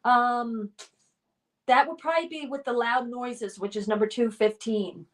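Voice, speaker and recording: A woman's voice: fairly high pitch, unhurried, distant mic. A woman hosting a casual live stream game, reading out viewers' comments and cheering them on. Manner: reads viewer comments aloud, cheerful and encouraging.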